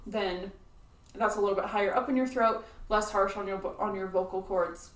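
A woman flute teacher explaining playing techniques in a friendly, clear instructional video. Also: mid-range voice, normal speed, echoey room, far from the mic.

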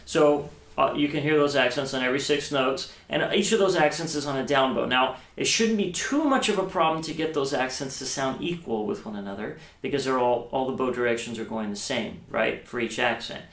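A man's voice: medium pitch, brisk, fairly bright tone. A man giving a casual cello lesson on video, thinking aloud and explaining step by step with frequent ums and restarts. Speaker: cello teacher. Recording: echoey room.

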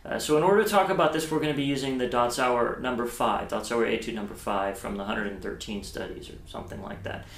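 A man's voice: mid-range voice, fast talker, few pauses. Guy explaining cello stuff on video, lots of uhs and restarts, kinda roomy echo. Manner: thinking aloud with many fillers and restarts, explains step by step. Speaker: cello teacher. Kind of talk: casual video lesson. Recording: echoey room.

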